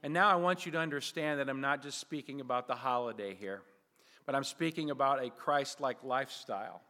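A male pastor preaching a sermon, slowing down and leaning on key phrases for emphasis. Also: medium pitch, sharp tone, long reverb tail.

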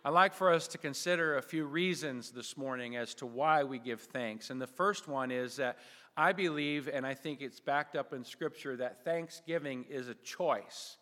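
A male pastor preaching a sermon, slowing down and leaning on key phrases for emphasis. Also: medium pitch, bright, forceful tone, in a large hall.

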